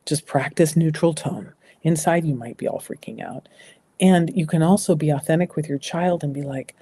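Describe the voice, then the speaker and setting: Middle-aged American woman, husky and mellow, earnest advice-giver who repeats herself for emphasis. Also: low-pitched, moderate pace. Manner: emphatic, repeats phrases, drops to a soft voice for reassuring lines. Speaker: guest speaker. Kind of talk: earnest advice in a talk show conversation.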